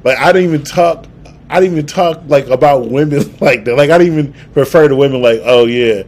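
A man's voice: a little high, fast, darkish tone. A young man co-hosting a podcast, telling stories in a laid-back way with frequent laughs and restarts. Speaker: podcast co-host. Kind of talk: casual chat.

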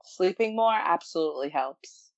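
A woman's voice: fairly low pitch, lively intonation, normal speed, no echo. A young woman from Brooklyn with a New York accent, co-hosting a podcast in casual chat, laughing often and saying "like" a lot. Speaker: podcast co-host. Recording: dull lo-fi dry sound.

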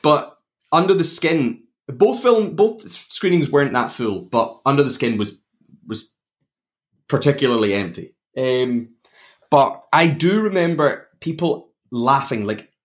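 Animated Glaswegian man chatting. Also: mid-range voice, a little slow. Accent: Glaswegian Scottish. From Glasgow, Scotland. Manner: animated and self-interrupting, often laughing. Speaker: podcast co-host discussing films. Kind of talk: casual chat.

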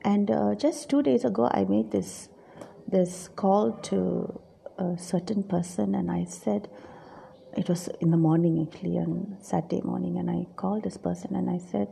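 A woman's voice: medium pitch, normal speed, creaky, dark tone, slight background noise. A middle-aged woman giving a reflective, confessional Bible teaching, acting out her own inner voice.

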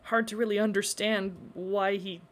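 A woman voicing a dreamy young man in a storybook reading, earnest and rambling in a halting way. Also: medium pitch, steady tone, close to an everyday voice. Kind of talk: storybook character voice.

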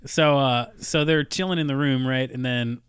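This mid-range male voice is clear, resonant and fairly bright, with mostly even intonation and a normal speed. He's co-hosting a casual podcast, joking and swearing freely while walking through an episode, captured as a dry, clean studio recording.

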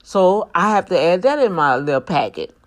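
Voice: medium pitch, sing-song, moderate pace. A vlogger talking casually to regular viewers, emphatic and preachy, with prayerful asides. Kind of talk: casual monologue with urgent warnings.

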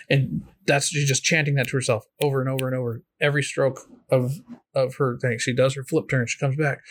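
A man at an ordinary mid pitch telling a motivational story, stopping and restarting often and filling the gaps. His voice sounds close and dry, with no room sound around it. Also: flat delivery, dry recording. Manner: halting, many fillers and restarts.

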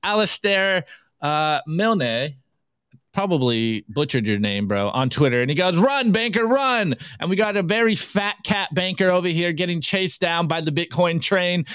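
A man hosting a live podcast, reviewing memes in an energetic, casual way and hyping up his audience with catchphrases. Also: on the high side, smooth, no room sound, clean studio sound. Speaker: podcast host.

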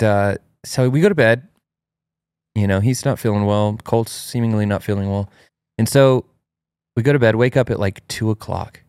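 A man in his thirties hosting a casual chat, telling a family story in an animated way and jumping into a high voice when he quotes his child. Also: no echo, clean studio sound. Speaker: host.

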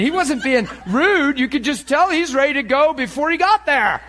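A middle-aged male preacher whose voice sits high for a man. He talks to the congregation like a friend, acts out both sides of little conversations and laughs often along the way. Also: very animated, normal speed, few pauses, a bit bright, slight background noise. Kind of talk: sermon.

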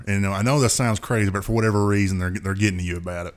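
A man's voice: on the low side, racing. A man co-hosting a podcast in casual chat, spinning a long scenario with lots of laughter. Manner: animated storyteller who laughs often. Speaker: podcast co-host.

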